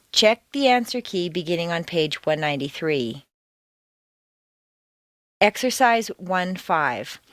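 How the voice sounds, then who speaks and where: American lady reading an accent course, big swoopy pitch, dead dry studio sound. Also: no echo. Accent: General American. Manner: slow, deliberate, exaggerated intonation for learners to repeat. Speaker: accent teacher. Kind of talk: scripted audio lesson.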